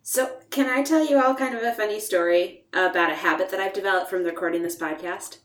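A woman co-host tells a story on a podcast in an animated, emphatic way, laughing as she goes. Her voice sits at a middle pitch, and the room around her sounds echoey. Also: a little fast, far from the mic. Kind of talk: casual chat, storytelling.

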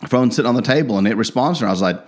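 A man's voice: medium pitch, rapid-fire. A man co-hosting a podcast, chatting casually and acting out quotes as he tells stories. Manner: relaxed storytelling, acts out quotes. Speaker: podcast co-host. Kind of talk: casual chat.

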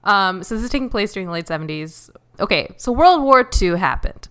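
Woman podcast co-host, dry jokes, easy laughs, relaxed chat. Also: mid-range voice, brisk, smooth. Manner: dry, joking, laughs easily. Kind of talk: casual movie podcast chat.

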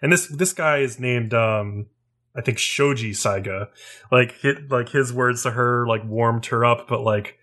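A man's voice: mid-range voice, unhurried, sharp tone. Male podcast co-host with an easygoing, agreeable conversational delivery. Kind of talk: casual chat.

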